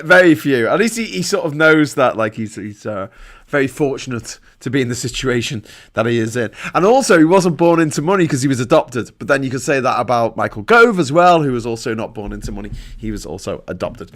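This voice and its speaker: A man's voice: medium pitch, a bit bright. A middle-aged man hosting a live stream, chatting casually, joking and reading out viewer comments. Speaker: livestream host.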